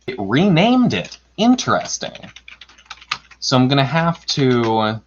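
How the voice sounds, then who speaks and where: A man's voice: mid-range voice, very animated, slow, slight background noise. A man hosting a live storybook reading, chatting casually and rambling as he narrates his own computer tasks, with self-deprecating chuckles. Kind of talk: casual livestream chat. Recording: dull lo-fi stream audio.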